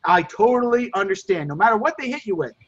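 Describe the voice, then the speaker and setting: Man, sales coach, high voice, energetic, repetitive, muffled lo-fi audio. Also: fast. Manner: energetic and repetitive, addresses listeners as "guys". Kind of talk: coaching call to course members. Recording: dull lo-fi recording.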